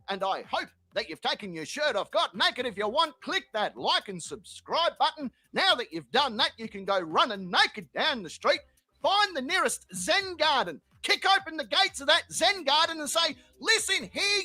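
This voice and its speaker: A man's voice: extremely high pitch, very animated, moderate pace, pushed and bright, no echo. A man hosting a comedy show, telling crude, profane, rambling stories. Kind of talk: crude comic monologue.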